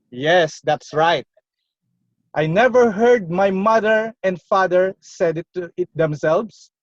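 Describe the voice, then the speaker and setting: A man giving a prepared contest speech, telling a personal story in a slow, earnest way with pauses, over a video call. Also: sits high, no room sound, muffled recording. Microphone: computer or phone mic on a video call.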